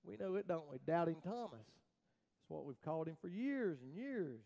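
High-voiced preacher swinging loud to hushed. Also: male voice, very animated, creaky, rough recording. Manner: halting repeated restarts. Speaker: pastor. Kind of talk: sermon.

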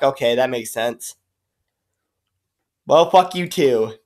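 A man's voice: on the high side, expressive, a little slow, darkish tone. A man, a YouTuber, ranting in a vlog, cursing and sarcastic, rambling with restarts. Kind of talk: profane angry rant vlog.

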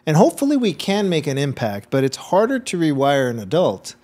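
Host, man, 30s, casual and animated, voice on the higher side. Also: fairly quick. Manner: animated storytelling, acts out his own reactions. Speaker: podcast host. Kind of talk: casual interview chat.

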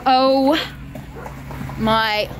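A woman's voice: high-pitched, fairly even intonation, very noisy. A woman chatting casually to camera in a vlog, joking about herself and laughing easily. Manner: chatty, self-mocking, quick to laugh. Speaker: vlogger.

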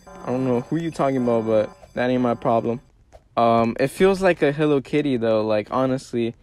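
A young man giving casual gameplay commentary, slangy and excitable, trash-talking other players as he plays. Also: medium pitch, normal speed, soft background music. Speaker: gaming video creator.

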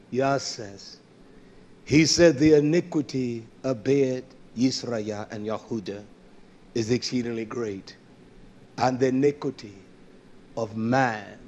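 A man preaching a fiery sermon, scolding and emphatic, mixing Hebrew words into his English and swinging from loud wails to low mutters. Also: slight background noise.

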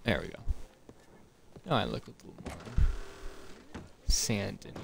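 A man's voice: on the low side, wildly swooping pitch, normal speed, creaky, long pauses, fairly bright tone, a little hiss or hum. A young man casually chatting and rambling to himself as he plays a video game, as a gaming streamer. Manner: chatty, rambling, self-talking while playing. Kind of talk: casual let's-play commentary.

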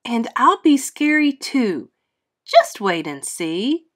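A woman voicing an eager, cheerful little monster boy in a storybook, sounding bright and playful. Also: on the high side, big pitch swings, takes it slowly, exaggerated voice.

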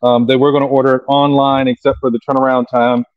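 An unhurried man talks through his airbrush work as he goes, pausing often with ums. His voice sounds dull and muffled. The room gives back almost no echo. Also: medium pitch, flat delivery. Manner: slow, easygoing, lots of ums. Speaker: airbrush artist. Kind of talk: demonstrating while explaining.

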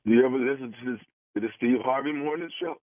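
A man with a medium-pitched voice talks quickly, pleading in a pushy, overwrought way as he pulls a prank phone call on the radio. The recording is dry and comes through a tinny phone line.

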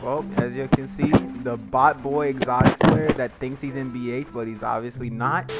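A man's voice: mid-range voice, normal speed. A young man hosting a gaming video, giving hyped, teasing commentary on a match between two players. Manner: teasing, excitable, trash-talking. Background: loud background music.

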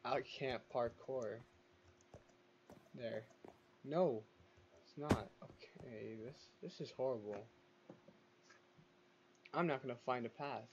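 A man's voice: mid-range voice, takes it slowly, long pauses, a little mellow, highs cut off, slight background noise. A man giving casual gameplay commentary, chatty, talking back to the game's creatures and laughing now and then. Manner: chatty, talks to the game's mobs, exclaims and laughs.

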